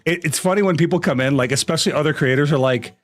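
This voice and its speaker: A man's voice: fairly high pitch, quick pace, a little hiss or hum. A man live-streaming to his chat in a casual, exasperated way, swearing and laughing a lot. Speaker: VTuber streamer.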